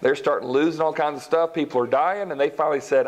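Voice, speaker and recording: Speaking in a voice that's a little high, a pastor reads Scripture in church and retells it with easygoing, folksy charm. He briefly takes on voices for the characters as the story unfolds.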